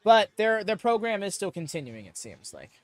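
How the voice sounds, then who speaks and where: A young man hosting a live watchalong stream, chatting excitedly with many fillers and quick laughs on a close mic. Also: high voice, no echo. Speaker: watchalong host. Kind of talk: live reaction commentary.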